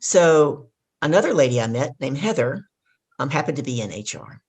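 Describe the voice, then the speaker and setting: A middle-aged woman, a guest on an interview podcast, telling stories in a lively way and acting out the dialogue. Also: a bass voice, moderate pace, husky. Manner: animated storyteller who acts out quoted dialogue. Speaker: guest speaker. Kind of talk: casual storytelling interview.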